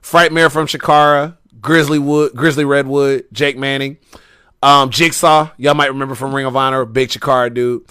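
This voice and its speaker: A man telling wrestling stories on a podcast, animated and slangy, often repeating himself. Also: medium pitch, moderate pace, smooth. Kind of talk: casual podcast storytelling.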